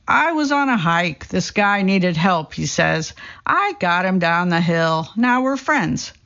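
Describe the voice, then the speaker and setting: A narrator giving a scripted reading of a true story, quoting people in the same steady voice. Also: medium pitch, slow pace, vocal fry. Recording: dull lo-fi recording.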